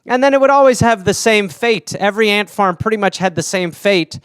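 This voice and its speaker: A man's voice: fairly quick, fairly bright tone, smooth, no echo, clean studio sound. A man from Wisconsin hosting a podcast alone, riffing jokily on listener topics and slipping into silly character voices. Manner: rambling, jokey, slips into silly high-pitched character voices. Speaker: podcast host.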